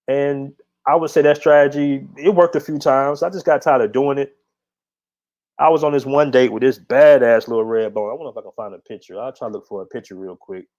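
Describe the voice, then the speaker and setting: A man's voice: mid-range voice, steady tone, brisk, darkish tone. A middle-aged man hosting his own channel, telling a story in a casual monologue with a blunt, profane, laid-back manner. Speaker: channel host. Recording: dull lo-fi audio.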